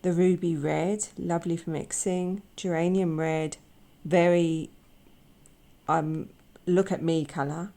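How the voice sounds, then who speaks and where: A woman hosting an art channel, chatting casually with a croaky voice, gushing and halting with repeated words. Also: on the low side, steady tone, dark tone. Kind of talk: casual chat.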